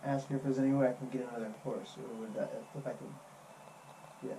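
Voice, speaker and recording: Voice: mid-range voice, steady tone, quick pace, background noise. A tabletop player talking casually and a bit hesitantly.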